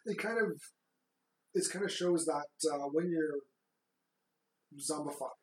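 A podcast co-host with a mid-range voice speaks a little slowly, plainly summarizing a movie plot in casual chat with fillers and restarts. The room has a noticeable echo.

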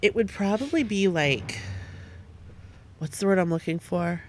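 A woman co-hosting a podcast, reading listener stories aloud at a steady pace and breaking off now and then to chat with her co-host. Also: fairly low pitch, a little slow, slight background noise.

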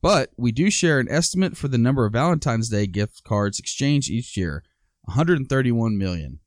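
A man's voice: medium pitch, lively intonation, moderate pace, no room sound, clean studio sound. A married man co-hosting a podcast in casual chat, blunt and opinionated, swearing freely. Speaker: podcast co-host.

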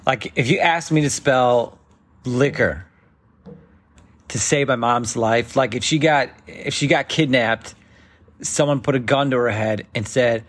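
A man's voice: medium pitch, steady tone, a little slow. A man in his thirties performing a rambling stand-up routine, acting out other voices as he goes. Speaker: stand-up comedian.

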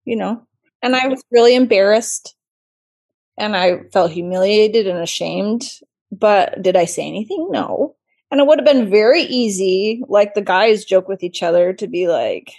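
Woman in her late thirties, lively storyteller. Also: medium pitch, normal speed. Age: late 30s. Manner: lively storyteller who acts out quoted voices. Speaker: guest physician. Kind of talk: casual interview chat.

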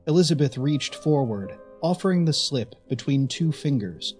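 A man narrating a story in a measured, expressive way. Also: on the high side, faint music behind. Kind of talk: audiobook narration.

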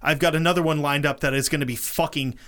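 A man hosts a casual podcast with a bright, forward voice that sits a little high. He swears freely and rambles through his thoughts, laughing along the way. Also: fairly even intonation, fast. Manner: profane, rambling, laughs often. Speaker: podcast host.

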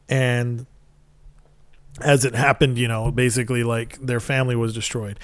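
A man's voice: mid-range voice, level tone, moderate pace, pauses often, dry recording. A man telling stories in casual chat, rambling and enthusiastic with plenty of fillers.

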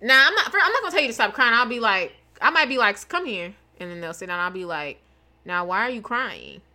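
Bright, lively woman chatting casually. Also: a little high, fast. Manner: laughs often, animated storytelling voices. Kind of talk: casual chat.

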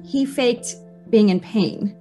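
A woman's voice: on the high side, slow, soft background music. A woman in casual conversation, animatedly retelling events and acting out what people said. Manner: animated retelling, acts out quotes. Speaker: interviewee. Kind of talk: casual chat.

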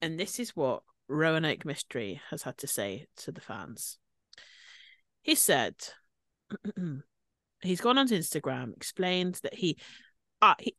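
A woman's voice: low voice, sing-song, fairly bright tone, dry recording. Chatty woman, dry close sound. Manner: chatty, quick, acts out quotes from the shows. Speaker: podcast co-host. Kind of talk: casual chat recapping reality TV.

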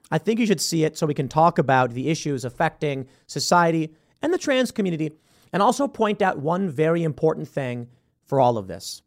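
A man hosting a political commentary show, talking in an animated, sarcastic, combative way. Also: high voice. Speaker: host.

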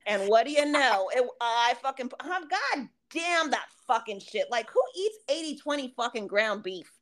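A woman co-hosting a podcast in casual chat, telling profane, animated stories and acting out what people said. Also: on the high side, normal speed. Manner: profane, animated storytelling with acted-out quotes. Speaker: podcast co-host.

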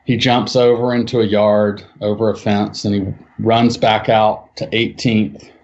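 A man telling a personal eyewitness story in casual speech, acting out what people said with his voice jumping up for the quotes. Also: measured pace. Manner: animated, acts out quotes with raised pitch. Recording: dull lo-fi sound.

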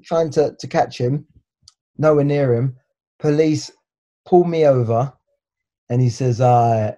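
A man in his forties from England, chatting casually as an interview guest, hesitant and repeating words, then telling lively stories. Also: mid-range voice, moderate pace, highs cut off. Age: 40s.

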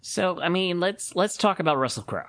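A man co-hosting a podcast in casual chat, animated and quick to laugh, often restarting his sentences. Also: sits high. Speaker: podcast co-host.

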